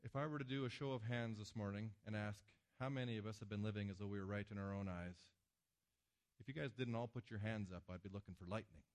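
A man preaching a sermon to a congregation, with emphatic swings between loud passages and hushed ones. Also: lowish voice, fast. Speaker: pastor. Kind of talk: sermon with slides.

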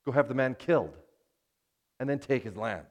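A man's voice: mid-range voice, expressive, moderate pace, lightly acted. A man voicing Queen Jezebel as a scheming, ruthless woman who scornfully coaxes her husband.

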